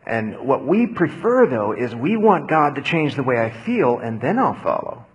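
Husky, animated male pastor. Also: mid-range voice, moderate pace, muffled recording. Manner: animated storytelling, acts out quotes loudly. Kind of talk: sermon with audience Q&A.

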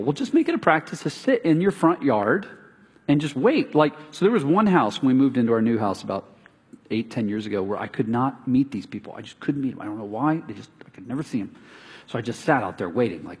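A man's voice: medium pitch, fast talker, slightly rough. A middle-aged man preaching as a pastor, telling stories and acting out the lines of the people in them. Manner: animated storytelling, acts out neighbors' lines. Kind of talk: sermon. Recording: reverberant hall.

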